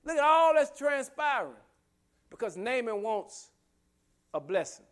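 High-voiced preacher firing rhetorical questions. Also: male voice, sing-song, unhurried, fairly bright tone. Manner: emphatic, builds with repeated rhetorical questions; humorous asides, laughs often. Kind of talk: sermon.

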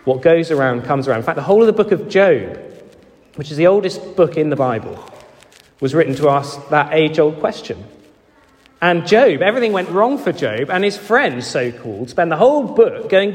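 A man's voice: on the high side, big pitch swings, moderate pace. A man, a vicar, preaching a sermon in a church and acting out the voices of people in the story. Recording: long echoey church reverb.

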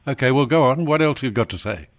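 A man's voice: medium pitch, lively intonation, fast. Blunt radio host, man. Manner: blunt, dismissive, dry. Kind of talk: talk radio.

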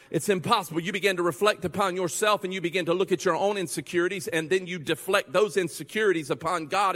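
Male pastor, slightly higher voice, humorous sermon delivery, long church reverb. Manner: humorous, conversational preaching that builds to loud intensity.

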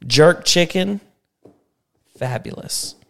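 A man's voice: on the high side, lively intonation, takes it slowly, creaky, background noise. A man hosting a casual family podcast, telling travel stories in a chatty way and ending with an upbeat sign-off.

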